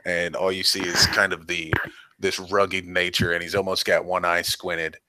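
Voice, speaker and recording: Man, game master, deep voice, dry close sound, loose hedging narration. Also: flat delivery, normal speed, pushed and bright, dry recording.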